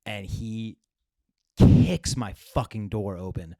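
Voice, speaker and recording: A young man co-hosting a comedy podcast, telling an animated, profane story in casual chat. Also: lowish voice, slow, no room sound, clean studio sound.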